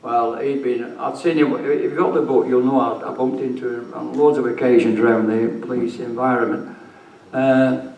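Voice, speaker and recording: A man's voice: medium pitch, flat delivery, moderate pace, hardly any pauses, darkish tone. An older man, a retired police officer telling his story at a conference, blunt and swearing freely. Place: conference hall. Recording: echoey room, mic far off.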